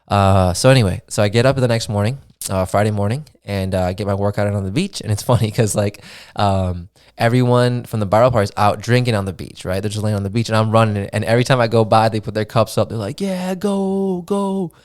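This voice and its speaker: A man's voice: lowish voice, steady tone, fast, darkish tone. Laid-back swearing man telling a story. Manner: laid-back, swears freely, many fillers like "dude" and "man". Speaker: podcast host. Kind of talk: casual solo podcast storytelling.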